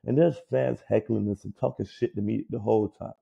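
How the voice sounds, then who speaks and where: Man, very gravelly, dark husky voice, lively profane ranting, dull lo-fi sound. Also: fairly low pitch, a little fast. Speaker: podcast co-host. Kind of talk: casual sports chat.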